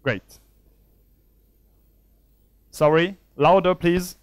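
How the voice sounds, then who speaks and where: A man's voice: high voice, clear, resonant tone, dry recording. A man from Switzerland gives a conference talk with live coding. He thinks aloud while typing and jokes about himself along the way. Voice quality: measured, self-deprecating. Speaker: conference speaker. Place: conference hall.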